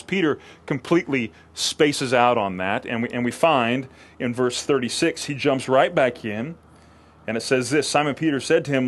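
Expressive male preacher. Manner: expressive, acts out quoted lines with rising pitch; repeats words when restarting. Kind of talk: sermon.

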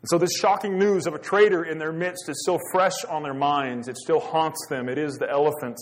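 A man's voice: fairly high pitch, fairly even intonation, fairly quick. A man preaching a sermon, dramatic and full of rhetorical questions. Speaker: pastor.

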